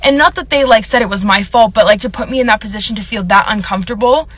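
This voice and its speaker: A woman's voice: fairly high pitch, fast. Young woman rambling through a storytime. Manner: rambling, filler-heavy, emotional retelling. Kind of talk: casual storytime vlog.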